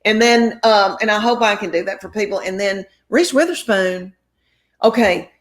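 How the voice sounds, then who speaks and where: A woman's voice: mid-range voice, normal speed. Chatty middle-aged woman telling stories. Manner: chatty, rambling anecdotes. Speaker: comedian guest. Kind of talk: casual storytelling.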